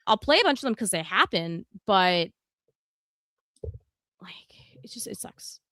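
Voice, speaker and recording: A woman's voice: medium pitch, sing-song, unhurried, fairly bright tone, no room sound, studio quality. A woman co-hosting a casual gaming podcast, talking bluntly and heatedly and swearing a lot. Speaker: podcast co-host.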